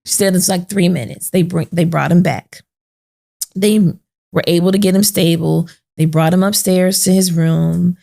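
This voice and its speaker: A woman hosts a sit-down podcast, sharing an emotional personal story and voicing the people in it. Her voice is lowish, creaky and mellow, with fairly even intonation and a moderate pace.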